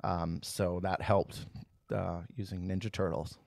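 A man's voice: sits low, little pitch movement, unhurried, gravelly, a little mellow, dry recording, clean studio sound. A man, a guest band vocalist, chatting casually about writing lyrics, rambling with frequent laughs and restarts. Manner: rambling, laughs often, restarts mid-sentence. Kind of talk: casual podcast chat.

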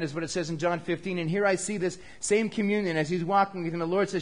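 A man preaching a sermon in a church, animated and acting out quoted dialogue as he goes. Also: fast, few pauses. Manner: animated, acts out quoted dialogue with shifting pitch and loudness. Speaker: pastor.

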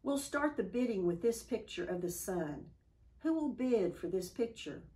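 A woman voicing a persistent male auctioneer in a story, calling bids in a measured, insistent way. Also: mid-range voice, animated, mellow, close to an everyday voice.

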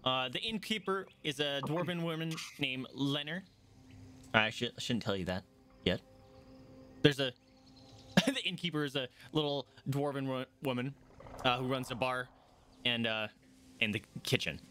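A man's voice: medium pitch, moderate pace, pauses often, sharp tone, slight background noise. A man narrating as game master in a loose, laughing way with lots of fillers and restarts.

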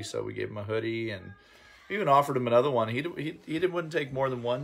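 A man's voice: mid-range voice, fairly even intonation, fairly quick, gravelly. A man in casual conversation, supportively filling in details of the outreach stories and agreeing along. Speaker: co-host on a mission outreach.

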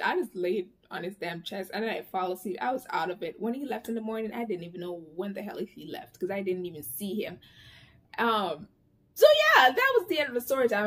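Animated young woman telling a story. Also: medium pitch. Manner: animated, slangy, cussing, quotes people in quick bursts. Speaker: vlogger. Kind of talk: casual storytime.

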